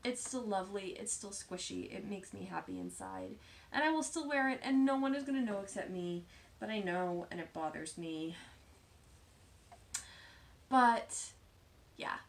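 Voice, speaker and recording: A woman hosting a knitting podcast, chatting casually as she shows her projects, self-deprecating and often dropping into soft asides. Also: mid-range voice, animated, measured pace, vocal fry, long pauses. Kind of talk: casual show-and-tell chat.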